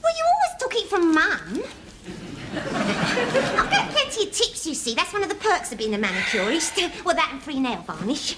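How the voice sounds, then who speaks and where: An actress playing a cheeky, coaxing young adult daughter who works as a manicurist. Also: female voice, extremely high pitch, huge pitch swings, normal speed, full character voice. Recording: very noisy old TV sitcom recording.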